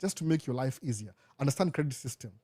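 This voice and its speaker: A man's voice: mid-range voice, animated, fast talker, mellow, husky. A young Kenyan man with a Kenyan accent, hosting a casual live Q&A chat and switching back and forth between Swahili and English. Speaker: live show host.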